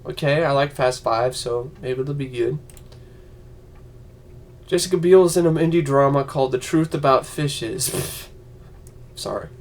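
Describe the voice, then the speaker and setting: A man vlogging an angry, profane movie rant, yelling and mocking other people's voices. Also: medium pitch, a little slow, pauses often.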